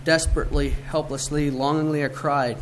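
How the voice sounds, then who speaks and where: A man reading scripture aloud and then a devotional poem, in a measured, earnest way with soft dips in volume. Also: fairly high pitch, fairly even intonation. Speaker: devotional reader. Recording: noisy recording with clicks.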